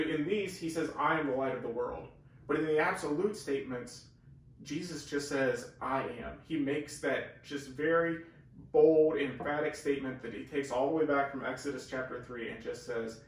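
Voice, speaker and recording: A man teaching the Bible in a casual, earnest way, explaining and leaning hard on key words. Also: a little high. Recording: very echoey room, far from the mic.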